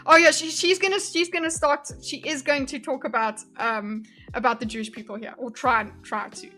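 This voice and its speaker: A woman's voice: high voice, steady tone, normal speed, bright, forceful tone, soft background music. A woman from Spain giving casual, chatty reaction commentary, swearing and laughing as she gets heated. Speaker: video commentator.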